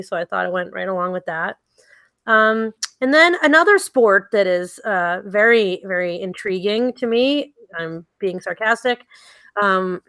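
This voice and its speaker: A woman's voice: medium pitch, sharp tone, dry recording. A woman co-hosting a podcast, reading out news stories and laughing often in casual chat. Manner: giggly, reads stories aloud with laughs.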